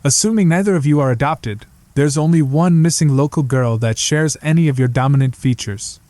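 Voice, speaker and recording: A smug wisecracking ventriloquist dummy voiced by a man talks with a slight Boston accent. He reels off his deductions with sharp-tongued confidence. The tone is mellow and warm, and the sound is dry and close. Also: fairly high pitch, fairly quick, no room sound, natural voice.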